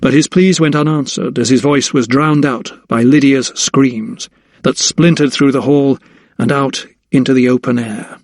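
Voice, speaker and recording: Male audiobook narrator, measured storytelling, dry close voice. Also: medium pitch, no echo. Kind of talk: scripted narration.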